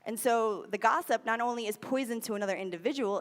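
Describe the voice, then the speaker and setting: A woman's voice: a little high, fast talker, hardly any pauses, big-room sound. An American woman speaking at a spiritual center, giving a conversational sermon and repeating key phrases for emphasis. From United States. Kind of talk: sermon talk.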